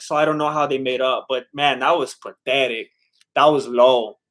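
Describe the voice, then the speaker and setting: Male fight-channel host with a slightly high voice and loose, laughing commentary. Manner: chatty, laughs often, relays the interview. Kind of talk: casual live fight watch-along commentary.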